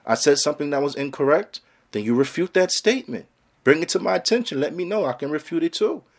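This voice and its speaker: A man's voice: a little high, lively intonation, fast. A man giving a religious lecture as an Islamic teacher, emphatic and casual in phrasing, firing off rhetorical questions.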